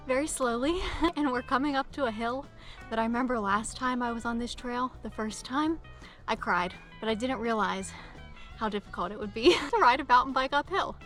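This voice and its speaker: A woman travel vlogger talking casually outdoors on a trail, bubbly and quick to laugh. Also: fairly high pitch, a bit bright. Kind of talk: casual travel vlog narration.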